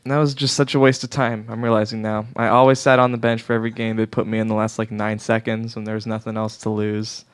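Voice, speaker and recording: A man's voice: on the low side, flat delivery, quick pace, hardly any pauses, clear, resonant tone, dry recording. A young man co-hosting a comedy podcast, rambling and self-deprecating with frequent laughs, on a studio mic with a pop filter. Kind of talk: casual comedic banter.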